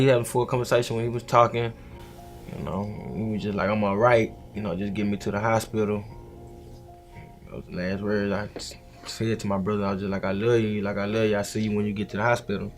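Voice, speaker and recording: A man, recounting events plainly and steadily in a documentary interview. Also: on the low side. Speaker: interviewee, brother of a shooting victim.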